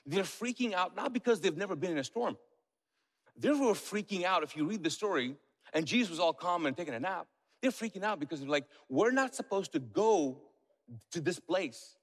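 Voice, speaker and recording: A man preaching a sermon in a lively way. He questions the congregation and makes joking asides. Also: high voice, a little fast. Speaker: pastor. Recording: long reverb of a church hall.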